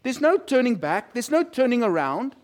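A man's voice: extremely high pitch, big pitch swings, normal speed. A middle-aged male pastor giving a sermon in a chatty storytelling way, acting out quotes from people he describes. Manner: conversational storytelling with quoted voices.

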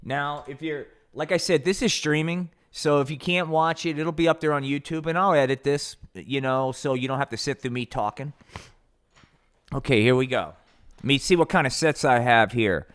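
A man's voice: mid-range voice, moderate pace, fairly bright tone, clear, resonant tone, dry recording. A man hosting a podcast, improvising a comic puppet show and chatting in a loose, profane, rambling way. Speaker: podcast host.

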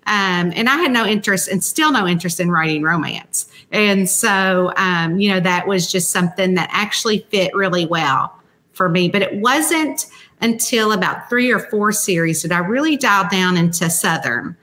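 A middle-aged woman from Kentucky with a regional accent, talking casually in an interview. Her voice is bright and forward, and she tells her stories with energy. She slips into quick impressions of the people she talks about. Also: mid-range voice. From Central Kentucky. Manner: chatty storyteller, animated quoting of others. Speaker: guest author.

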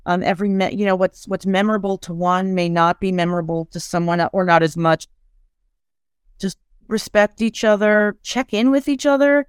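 Animated woman giving holiday advice. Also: medium pitch, moderate pace, clear, resonant tone, dry recording, clean studio sound. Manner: warm, animated, many restarts and acted asides. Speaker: clinical social worker, guest. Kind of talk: casual advice chat.

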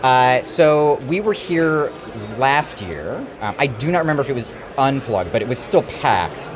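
A man's voice: medium pitch, big pitch swings, unhurried, over music. A man showing his game at a convention, short on sleep and losing his voice, telling a rambling story full of fillers. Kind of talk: convention floor interview. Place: busy convention hall. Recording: loud crowd chatter behind.

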